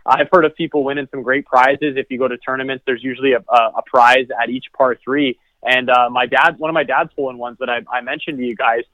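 Guy talking fast on a tinny phone call, rambly, keeps repeating words. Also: mid-range voice, little pitch movement, no room sound. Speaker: podcast guest. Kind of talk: casual chat.

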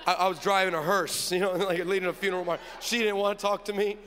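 A man preaching a sermon, telling a story and acting out the dialogue with animated energy. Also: sits high, fast talker. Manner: animated, acts out dialogue, builds to shouted preaching. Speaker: pastor. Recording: long hall reverb.

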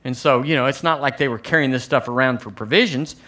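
His medium-pitched voice sounds pushed and bright as this middle-aged pastor, Southern American in accent, preaches. He repeats lines slowly and forcefully and invites the congregation to say them along with him.

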